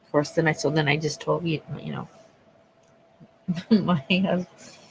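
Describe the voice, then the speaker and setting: A woman's voice: low voice, fairly even intonation, measured pace, a little mellow, slight background noise, rough recording. A woman chatting casually with her livestream viewers. She talks loosely, swears freely and laughs often. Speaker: livestream host. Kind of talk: casual chat with live viewers.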